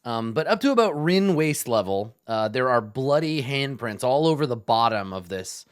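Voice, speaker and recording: Guy running a tabletop game, pitch jumps all over, lots of uh's. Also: moderate pace, clean tone. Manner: lively, full of fillers and restarts. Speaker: game master.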